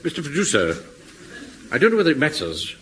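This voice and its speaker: An actor playing a pompous middle-aged Home Guard captain in a radio comedy, speaking with indignant self-importance. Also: male voice, on the high side, huge pitch swings, fairly quick. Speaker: captain narrating a radio skit. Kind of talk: 1960s-70s radio comedy acting. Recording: hissy archive radio recording.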